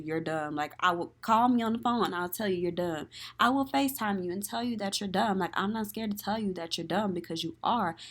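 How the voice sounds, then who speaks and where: A woman hosting a solo podcast, talking candidly with lots of "like" and "um" and airing strong opinions. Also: on the low side. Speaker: podcast host. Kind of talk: casual solo podcast commentary.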